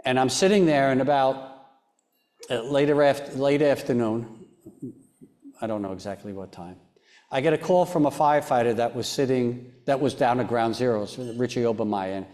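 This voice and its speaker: On stage for an interview, a foundation chairman speaks in a mid-range voice, recounting a personal story with earnest hesitation. He often begins again and sometimes goes very quiet.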